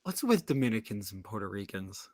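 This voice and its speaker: A man's voice: lowish voice, very animated, a little fast, a little mellow, no room sound, studio quality. A man co-hosting a podcast, chiming in with short reactions and wisecracks in casual chat. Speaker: podcast co-host.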